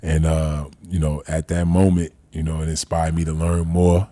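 A man telling a story as a guest in casual chat, fast and slangy, animated. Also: rumbling low, no echo.

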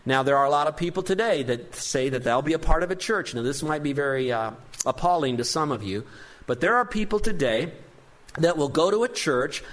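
A man's voice: on the high side, fairly bright tone. A man preaching a sermon as pastor, earnest and emphatic, with rising stresses on key points.

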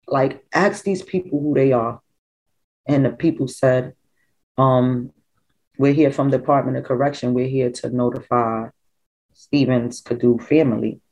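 A woman's voice: very deep voice, low-quality recording. A middle-aged woman, a bereaved mother, telling her story in raw, emotional testimony. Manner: raw, emotional storytelling with animated quoted voices. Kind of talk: personal testimony.

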